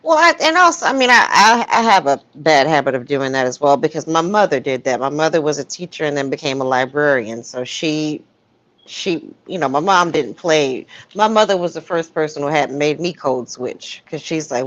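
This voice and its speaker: Low-voiced, emphatic woman host. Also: expressive, normal speed, low-quality recording. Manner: emphatic, talks about her strict upbringing. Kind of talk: casual chat.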